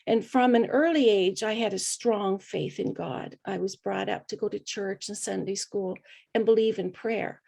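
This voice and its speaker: A middle-aged woman, a podcast guest, telling her personal story in an earnest, reflective way with hesitant pauses. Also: medium pitch, vocal fry, a little mellow. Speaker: guest speaker.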